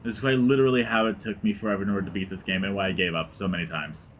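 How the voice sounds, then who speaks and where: A man's voice: deep voice, steady tone, very fast, fairly bright tone, slight background noise. A man giving casual gameplay commentary as a let's play gamer, rambling with many fillers and dropping into mutters. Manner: rambling, heavy use of like, dips into mutters.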